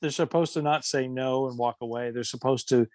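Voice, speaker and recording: Mid-pitched man chatting, dry close sound. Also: fairly even intonation, fairly quick, a little mellow, no room sound. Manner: chatty, restarts often, jokey asides. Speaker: podcast co-host. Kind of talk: casual comedic chat. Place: indoors at a relative's house.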